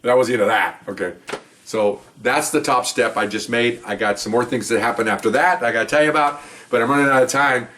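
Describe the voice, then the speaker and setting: A man's voice: brisk, slight background noise. Rambling older man telling cop stories. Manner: rambling, animated, jumps into a high excited voice when joking. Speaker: retired police officer telling stories. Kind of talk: casual storytelling monologue.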